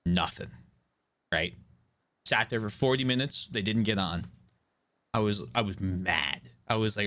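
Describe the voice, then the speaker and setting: A man's voice: fairly low pitch, normal speed, pauses often. A man in his twenties chatting casually on a live game stream, telling stories with lots of swearing and laughter. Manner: animated storyteller, swears and laughs often.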